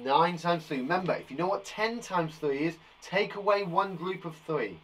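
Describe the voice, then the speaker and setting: Teacher, male, slightly high voice, playful and encouraging, live kids' maths lesson. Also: lively intonation, moderate pace, hardly any pauses, fairly bright tone. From England. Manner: playful, encouraging, chats to viewers by name. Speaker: primary school teacher. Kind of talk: live online maths lesson for young children.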